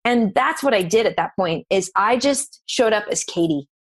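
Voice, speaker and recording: A woman's voice: medium pitch, normal speed, husky. Earnest woman telling her story. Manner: earnest, emotional, animated retelling. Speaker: guest, business founder. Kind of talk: podcast interview storytelling.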